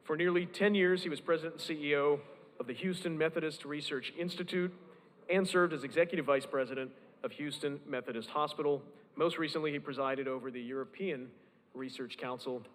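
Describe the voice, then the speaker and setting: A man's voice: on the high side, brisk. A man serving as event emcee, reading a formal scripted introduction of a panel moderator in an announcing manner. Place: large conference hall. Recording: long hall reverb with faint ambience.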